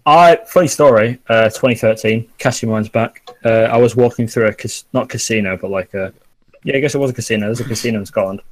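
A man's voice: medium pitch, quick pace, dry recording, poor audio. Rambling young Englishman. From England. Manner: rambling, laughs often. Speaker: podcast co-host. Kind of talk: casual chat.

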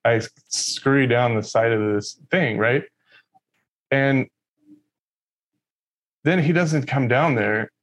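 A man's voice: mid-range voice, slow pace, long pauses, a bit bright. Man swearing through a rambling story. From Texas. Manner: rambling, profane, many fillers. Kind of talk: casual storytelling in conversation.

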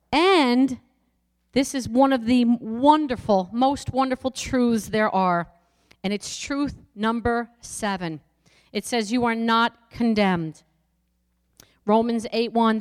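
A middle-aged woman pastor preaching a sermon, emphatic and repeating lines for the congregation. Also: on the high side. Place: church sanctuary. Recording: long church hall reverb.

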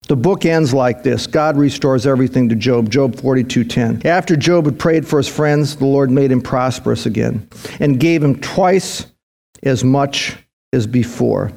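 A man's voice: mid-range voice, lively intonation, moderate pace, gravelly, a little mellow. A man preaching a sermon as pastor, fervent and emphatic, often repeating words and restarting lines as he drives a point home.

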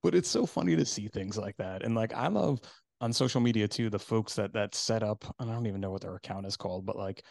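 A man in his forties with a low, gravelly voice hosts a casual podcast chat. He is talkative and laughs easily as he tells stories about his family. His voice sounds close and dry, with no room echo. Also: fast, darkish tone. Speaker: podcast host.

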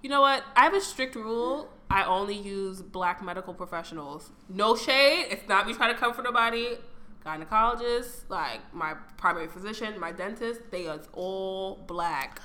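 Woman co-host with a bright, crisp voice. Her pitch is lively, and she interjects a lot in a profane, casual way. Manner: quick reactive interjections, profane. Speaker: podcast co-host. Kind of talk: casual chat.

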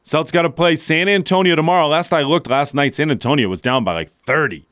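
A man's voice: on the high side, fast talker, fairly bright tone, no echo, studio quality. A man hosting a sports talk radio show, delivering a blunt, opinionated monologue and chuckling as he goes. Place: radio studio.

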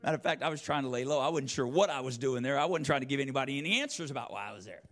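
A preacher telling a personal story in a church sermon, acting out both sides of the conversations. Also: male voice, medium pitch, very fast. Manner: animated, acts out both sides of dialogue. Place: church sanctuary.

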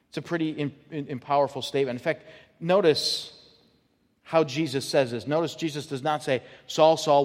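Man, pastor, sermon, emphatic, repeats words, somewhat high voice, long reverb. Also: animated, moderate pace. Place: church sanctuary.

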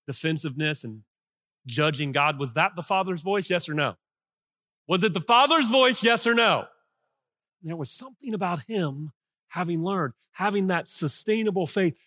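A male pastor preaching with passion, his high voice rising into shouts and dropping to hushes. The tone is bright and forceful. The sound is close and dry, with no room echo. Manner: impassioned preaching, swinging from shouts to hushed lines. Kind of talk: sermon.

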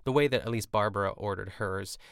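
A man's voice: fairly low pitch, a little fast, vocal fry, smooth, no echo, clean studio sound. A man from Pittsburgh hosting a podcast alone, recapping a cooking show in a rambling, chatty way with plenty of fillers and laughs. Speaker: podcast host. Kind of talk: casual solo recap podcast.

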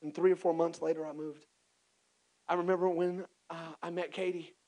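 A man from Texas, telling his own story in an animated, self-mocking sermon with lots of restarts. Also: a little high, normal speed. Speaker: preacher.

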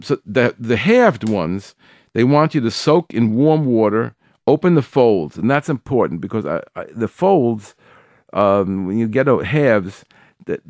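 A man's voice: fairly low pitch, darkish tone, no echo, studio quality. An older man hosting a radio show, explaining food-checking steps with frequent restarts and repeated key points. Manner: emphatic, stressing single words. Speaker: radio host giving kosher food guidance. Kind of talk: instructional radio talk.

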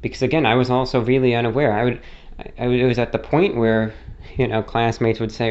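Young man, mid-Atlantic-style accent with New York and non-rhotic traces, rambling casual YouTube talk, mid-pitched, slightly dull audio. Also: fairly quick, darkish tone. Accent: mid-Atlantic blend with non-rhotic and New York traits. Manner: rambling, many fillers and self-corrections. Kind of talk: casual spoken monologue.

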